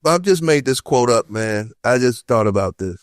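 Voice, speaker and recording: A man on a podcast panel telling personal stories in casual chat, animated and acting out the voices of the people he quotes. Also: mid-range voice, normal speed, dry recording, studio quality. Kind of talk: casual roundtable chat, storytelling.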